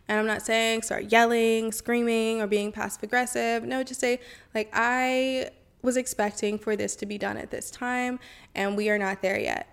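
Woman host, fairly high pitch, casual encouraging podcast talk. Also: gravelly. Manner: chatty, encouraging, says y'all and okay often.

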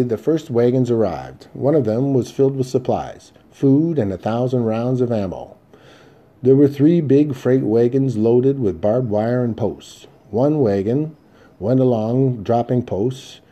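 Male audiobook narrator, dark timbre, steady measured read. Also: mid-range voice. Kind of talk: scripted first-person Western narration.

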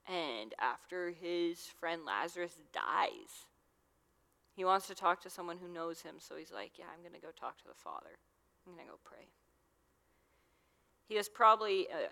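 A young woman gives a relaxed, chatty sermon, talking to a youth group like friends. Her voice sits on the low side, and a long hall reverb trails after her words. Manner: chatty, conversational, with many fillers. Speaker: youth minister. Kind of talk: casual sermon.

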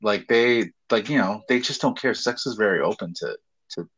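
A man's voice: on the low side, normal speed, fairly bright tone, husky. A man co-hosting a casual chat, teasing and joking and often laughing. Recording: dull lo-fi sound.

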